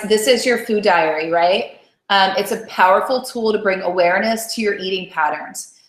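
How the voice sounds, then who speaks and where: Here a woman coach hosts a live motivational call about weight loss, her medium-pitched voice carrying a fairly bright tone. She's conversational and upbeat, regularly asking "right?" to keep people with her. The sound echoes as if in a large room.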